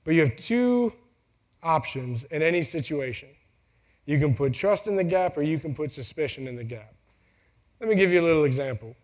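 A man's voice: on the high side, animated, moderate pace, a little mellow. Joking man telling family stories. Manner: joking, storytelling, acts out quotes. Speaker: speaker. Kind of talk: casual motivational talk. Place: venue with a timer for speakers.

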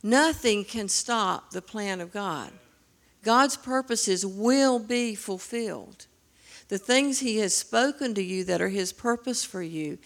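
A woman in her seventies giving a sermon, earnest and measured as she quotes scripture. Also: a little high, creaky. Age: 70s. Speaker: preacher.

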